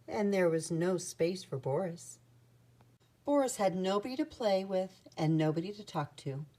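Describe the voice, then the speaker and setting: A woman with a fairly low voice reads a children's picture book aloud, telling the story in an expressive, sing-song way.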